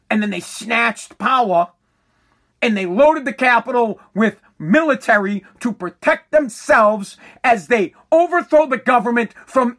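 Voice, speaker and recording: A man's voice: extremely high pitch, a bit bright. A man who runs a contracting business, delivering a heated, profane political rant and hammering his points again and again. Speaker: working contractor.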